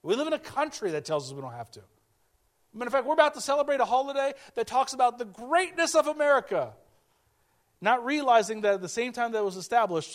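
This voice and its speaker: A male pastor preaching a sermon in a conversational way, repeating key phrases and acting out quoted voices. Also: sits high.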